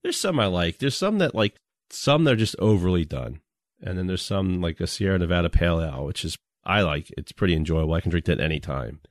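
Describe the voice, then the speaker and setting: A man with a deep voice talks in an easygoing, casual podcast chat. He tells stories at a relaxed pace and chuckles often. The sound is dry and close, with no room echo. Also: a little fast. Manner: laid-back storyteller, chuckles often. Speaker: podcast co-host.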